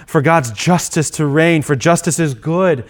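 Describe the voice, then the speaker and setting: A man's voice: fairly high pitch, unhurried. A male pastor preaching an earnest sermon, often repeating and restarting his phrases.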